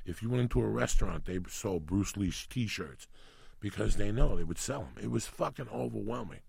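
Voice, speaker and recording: Man, middle-aged, from New York, gravelly, husky, profane rambling storyteller. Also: lowish voice, animated, brisk, darkish tone, dry recording. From New York City. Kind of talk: casual storytelling chat.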